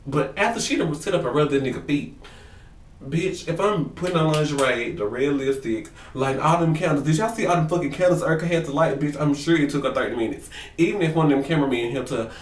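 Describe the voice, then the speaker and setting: A man casually reviewing a reality show for his vlog, talking in animated, profane slang and acting out what people said. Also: medium pitch, fast, distant mic. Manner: animated, profane, slangy, acts out quotes in voices. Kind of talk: casual gossip commentary to camera. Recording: roomy sound, away from the mic.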